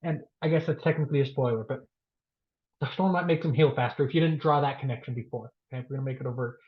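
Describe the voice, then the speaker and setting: A man co-hosting a podcast, recapping a book in an animated, jokey way and acting out the scenes. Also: mid-range voice, fast talker. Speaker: podcast co-host. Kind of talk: excited comedic book recap. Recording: roomy, dull lo-fi podcast audio.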